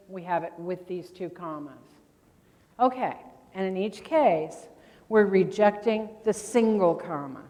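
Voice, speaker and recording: A woman from Indiana teaching grammar at a convention, firing quick questions at her audience and answering them herself. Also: mid-range voice, a little mellow. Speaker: grammar instructor at a court reporters' convention. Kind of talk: interactive classroom lecture. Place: convention meeting room. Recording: long reverb in a large hall.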